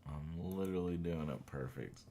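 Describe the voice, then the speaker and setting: A man's voice: low voice, normal speed, mellow, a little hiss or hum. A man working through a coding course at his home computer, muttering and cursing in frustration at code that will not work, while keys click faintly behind him. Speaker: self-taught coding student. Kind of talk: unscripted screen-recorded vlog.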